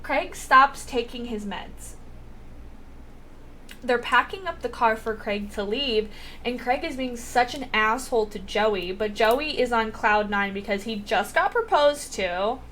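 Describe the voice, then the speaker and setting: A woman's voice: a little high, a bit bright, a little hiss or hum. A woman vlogger recapping a TV episode in a casual, rambling way, with lots of filler words and swearing.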